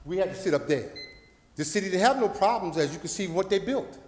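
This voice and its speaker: A man from Paterson, New Jersey, giving an impassioned, preacher-like public comment at a city council meeting, rambling and fervent, with loudness that swells and drops. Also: high voice, lively intonation, brisk, slight background noise. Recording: echoey council chamber with long reverb.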